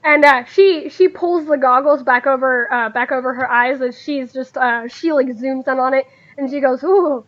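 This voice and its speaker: A woman with a congested, high voice narrating her character's moves in a tabletop game. She rambles with lots of fillers, and the audio sounds dull and lo-fi. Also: fairly even intonation, normal speed, hardly any pauses, fairly bright tone. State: congested from a cold. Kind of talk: casual role-play narration.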